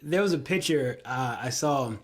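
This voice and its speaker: Excitable male golf show co-host. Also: mid-range voice, normal speed. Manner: excitable, repeats himself. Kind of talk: casual sports chat.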